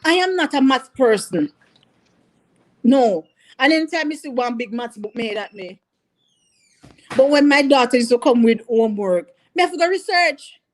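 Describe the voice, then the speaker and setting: A woman's voice: high-pitched, animated, moderate pace, pauses often, poor audio. A woman teacher with a Jamaican accent, talking earnestly to parents and mixing in patois. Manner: emphatic, repeats points, mixes patois. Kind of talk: impassioned talk to parents.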